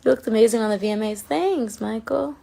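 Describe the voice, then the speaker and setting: A woman's voice: on the high side, a little fast, gravelly, mellow. A woman chatting casually on a phone livestream, reading and answering fan comments in an affectionate way and swearing now and then.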